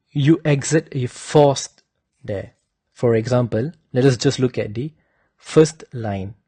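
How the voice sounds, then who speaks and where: A man slowly giving a lesson, carefully demonstrating correct pronunciation. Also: medium pitch, darkish tone, slightly rough, no room sound. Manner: slow and deliberate, demonstrating pronunciations. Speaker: teacher of Vedic chanting. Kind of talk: instructional talk.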